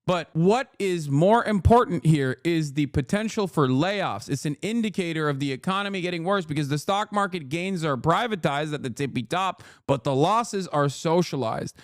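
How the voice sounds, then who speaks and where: Political streamer, male, exasperated and sweary, high-pitched, dry and close-miked. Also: expressive, moderate pace, hardly any pauses, no room sound. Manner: profane, exasperated, mocking mimicry. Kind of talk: heated commentary reacting to news clips.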